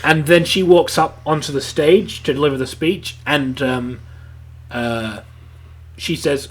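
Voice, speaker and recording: Husky man rambling through a plot recap. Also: on the high side. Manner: acts out character lines in quick voices. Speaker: podcast co-host. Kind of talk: casual anime review chat.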